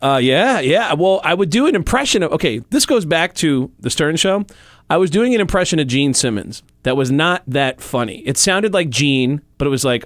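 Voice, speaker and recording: A male comedian and impressionist telling anecdotes in animated, quick casual storytelling. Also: on the high side, no room sound, studio quality.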